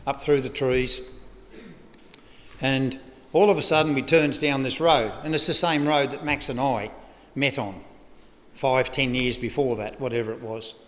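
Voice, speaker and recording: Speaking at medium pitch with a fairly bright tone, a man with an Australian accent shares a rambling, funny anecdote as a eulogy. He stands at a lectern microphone in a funeral service venue, and the hall echoes.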